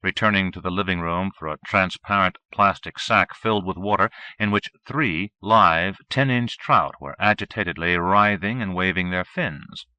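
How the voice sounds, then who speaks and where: A man narrating a first-person novel as an audiobook, with steady, measured reading. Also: sits low, clear, resonant tone. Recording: dull 1980s cassette recording.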